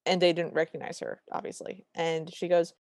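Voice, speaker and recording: A fairly low-voiced woman co-hosting a podcast, recorded dry and close. She recaps a movie in animated chat, quoting the characters along the way. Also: normal speed, dry recording. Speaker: podcast co-host.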